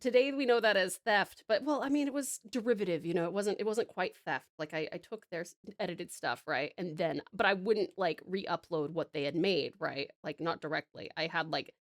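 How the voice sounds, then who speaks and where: A Tasmanian woman in her thirties streams while drawing, chatting with viewers, rambling, giggling and using lots of fillers. Her lowish voice moves at a moderate pace with hardly any pauses, and the audio is studio quality without echo.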